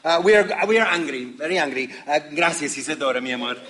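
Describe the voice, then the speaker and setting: An actor playing an excitable, warm-hearted handyman who mixes Spanish words into his English. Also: on the high side, quick pace. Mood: affectionate. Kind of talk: comedy drama acting.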